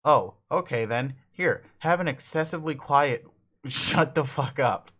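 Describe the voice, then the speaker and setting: A cranky young troll who curses and bosses everyone around, as a man reads him aloud. He is brusque and impatient, in an ordinary mid-pitched voice. This is a comic read aloud with voices. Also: a little slow, fairly bright tone. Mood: irritated. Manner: brusque, cursing, bossy. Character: angry shouty troll boy leader.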